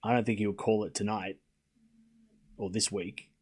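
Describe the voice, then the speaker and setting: Steady in tone, his voice low and slightly rough, a man hosts a live tennis watchalong. He rambles casually, responds to viewer chat and calls points in fast play-by-play bursts.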